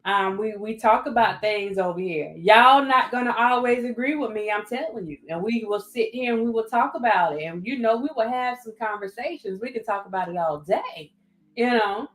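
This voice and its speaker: In a roomy, echoing recording with soft music behind her, a Southern-accented woman runs a casual livestream. Her voice is a little high and a bit bright, moving at a moderate pace as she reads comments and thanks viewers by name over and over.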